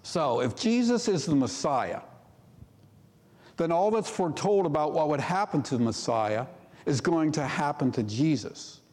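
A man's voice: on the high side, animated, measured pace. Male pastor preaching in a reverberant sanctuary. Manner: reads scripture aloud with rising emphasis, drops to a hush. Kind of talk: sermon.

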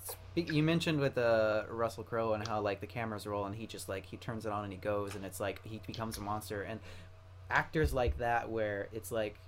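A man hosting a podcast, chatty and animated, telling anecdotes with many fillers. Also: lowish voice, normal speed. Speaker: podcast host. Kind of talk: casual interview chat. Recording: crowd noise in background.

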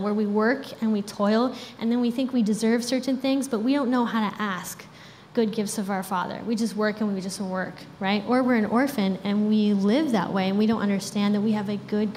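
A young woman preaches a sermon in a church hall, keeping it casual and chatty with frequent fillers. Her voice is medium-pitched with a darkish tone. The hall is reverberant, with faint background noise.

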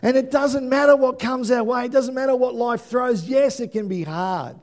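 Aussie pastor guy, really high voice, preaching loud and lively, shouts at the big bits. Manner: animated preaching, shouting at peaks, quick asides. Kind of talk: sermon.

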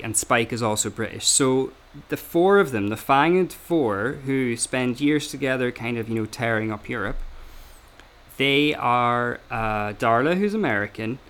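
A man's voice: mid-range voice, fairly bright tone. A man hosting a casual podcast chat, explaining at length with many hesitations and fillers. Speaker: podcast host.

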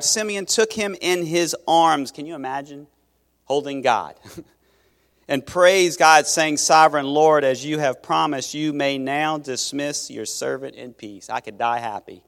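A man's voice: fairly high pitch, measured pace, gravelly, a bit bright. A man preaching a sermon as pastor, in a conversational way that restarts phrases and questions his listeners. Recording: long reverb of a large hall.

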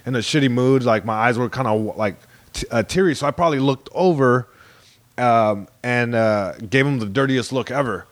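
A comedian guest from Long Beach, California, telling a story in casual podcast talk and acting out the voices of the people in it. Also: male voice, mid-range voice, moderate pace. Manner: animated storyteller, acts out quotes, frequent swearing and restarts.

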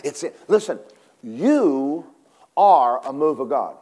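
A man preaching a sermon in a church, dramatic, swinging from shouts down to hushed whispers. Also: a little high, big pitch swings, takes it slowly. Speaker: pastor.

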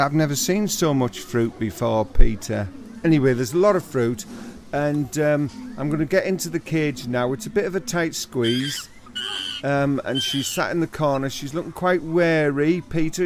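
A man who presents a comedy sketch as a chatty running commentary. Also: fairly high pitch. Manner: chatty running commentary, bursts into loud outbursts. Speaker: comic presenter.

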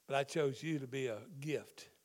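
A man's voice: medium pitch, normal speed, darkish tone. A man who is a pastor, preaching a sermon in a conversational way and explaining the meaning of Greek words in scripture.

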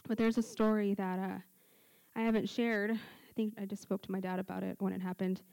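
At a church service, a young woman gives her personal testimony into a handheld mic, telling it as a story and acting out the dialogue. Her medium-pitched voice is level, fairly quick, gravelly, and warm, and the recording is dry.

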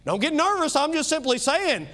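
A man with a Kentucky accent preaching a sermon as pastor, emphatic, swinging between loud and soft, with quick asides. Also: extremely high pitch, sing-song.

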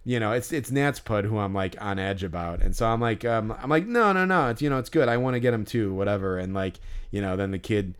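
A man's voice: fairly low pitch, brisk, clear, resonant tone. Rambling, swearing male podcast co-host. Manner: rambling storyteller, many fillers and restarts, swears freely. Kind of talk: casual chat.

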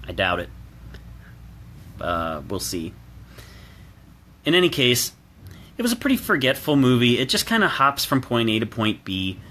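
Recorded alone at home, a man with a medium-pitched, fairly bright voice gives a casual, opinionated film review by himself. He's chatty, restarting sentences and using fillers.

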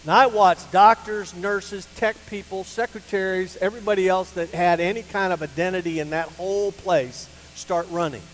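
An older man, a pastor, telling a personal story in a sermon to a church, animated and rising to loud, emphatic peaks. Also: high voice, normal speed, few pauses. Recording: hall reverb with faint hum.

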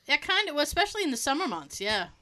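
Speaking quickly in a high voice, a woman co-hosts a podcast's casual chat. Her stories are animated and profane, and she laughs a lot as she tells them.

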